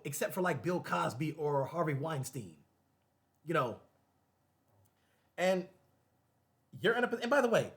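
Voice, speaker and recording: Animated man ranting to camera. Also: high voice. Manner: animated, repetitive, laughing asides. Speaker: show host. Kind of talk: casual commentary to camera.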